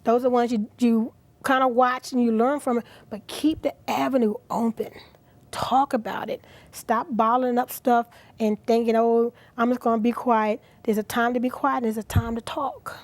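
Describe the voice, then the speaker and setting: A middle-aged woman guest on a talk show, speaking earnestly and with feeling, at times dropping to a soft near-whisper. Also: on the high side, moderate pace, no room sound. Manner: earnest, animated, drops to soft near-whispers at emotional moments. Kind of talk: inspirational talk show interview.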